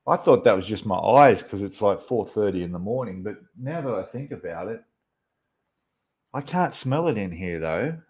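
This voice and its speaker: A low-pitched man hosts a relaxed livestream from his hobby room. He reads viewer names out of the chat and greets each one in a friendly way. He talks with plenty of ums and restarts, and his voice sits a little on the low side. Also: moderate pace. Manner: frequent ums and mid-word restarts. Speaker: livestream host.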